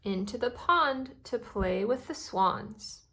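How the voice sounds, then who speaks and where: A woman's voice: on the high side, lively intonation, slow pace, a bit bright, heavily acted. A woman voicing a cheerful little male duckling in a storybook, reading in a sing-song way.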